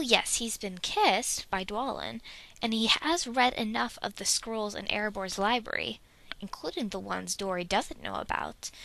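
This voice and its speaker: A woman reading a fan fiction story aloud in a soft narration that drops at times to a half-whisper. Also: medium pitch, gravelly, rough recording.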